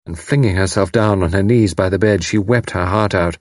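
Male audiobook narrator, low husky voice with lively intonation; measured. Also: no echo, studio quality.

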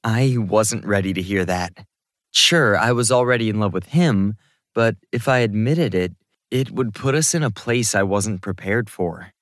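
A man narrating a romance novel in the first person, with steady, intimate storytelling. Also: fairly low pitch, a little slow, no echo, clean studio sound. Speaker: audiobook narrator.

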